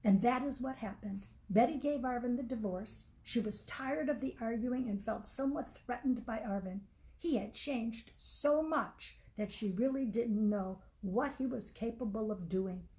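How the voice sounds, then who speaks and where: A woman author reading her own novel aloud in an unhurried, homey way. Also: on the high side, dark tone, poor audio.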